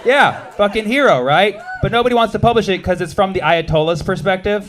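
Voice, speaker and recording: A man doing a stand-up comedy set on a club stage, quick and sardonic, trading jabs with the audience. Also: high voice, expressive, a bit bright. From United States. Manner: quick, sardonic, jumping between bits and audience banter.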